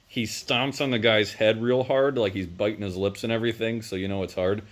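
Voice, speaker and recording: Man, very low voice, casual movie review, rambling, filler-heavy. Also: fairly even intonation, a little fast. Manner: rambling plot retelling with many fillers.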